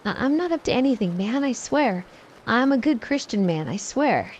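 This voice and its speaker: A woman's voice: mid-range voice, very animated, moderate pace, darkish tone, slight background noise, voice pushed up, natural voice. A woman voicing a nervous, stammering man in his early thirties, reading a scary story aloud. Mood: frightened pleading. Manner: stammering, pleading.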